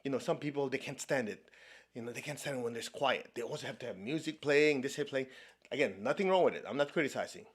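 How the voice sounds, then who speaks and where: A Chinese man speaks in a mid-range voice, talking fast with a breathy edge. He is a meditation teacher giving a spiritual talk in a conversational, playful way, frequently checking in with his listeners. He laughs a lot and slips in playful asides.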